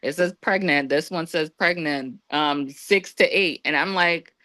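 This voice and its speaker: A woman guest on a podcast, telling a personal story in a casual, lively way and acting out what others said. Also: unhurried, no echo. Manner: lively, acts out quoted voices with big pitch jumps.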